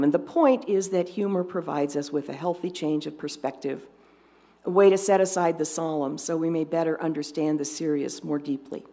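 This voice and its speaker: A woman's voice: deep voice, mellow. A woman lay presenter giving a sermon full of jokes, telling them dryly and unhurriedly with small restarts. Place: congregation fellowship service.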